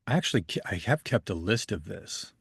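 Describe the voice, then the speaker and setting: Low-voiced man in dry home studio. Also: fairly quick, gravelly, slightly rough, no echo. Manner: relaxed, rambling, laughs easily. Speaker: voice actor guest. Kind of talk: casual interview chat. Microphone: home studio mic.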